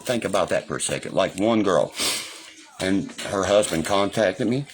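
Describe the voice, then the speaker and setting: A man's voice: sits low, moderate pace, slight background noise. Profane, combative man ranting on a livestream. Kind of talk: angry livestream rant.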